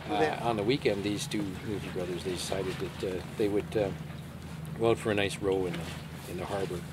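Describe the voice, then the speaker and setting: A man's voice: fairly even intonation, a little fast. A man telling jokes in a folksy storyteller's manner, outdoors by the water. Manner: folksy storyteller, drops his voice low for jokes. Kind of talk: joke telling. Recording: loud noise outdoors.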